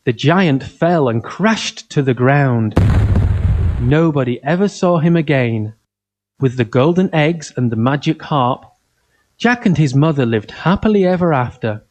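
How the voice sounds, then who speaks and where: A man reading a children's fairy tale aloud in simple, even, carefully spoken sentences. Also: fairly high pitch, measured pace. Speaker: storyteller.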